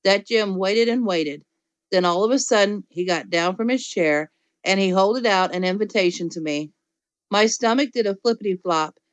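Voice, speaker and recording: A woman narrating a children's storybook in first person, lively and playful. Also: mid-range voice, normal speed, no room sound, highs cut off. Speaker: audiobook reader.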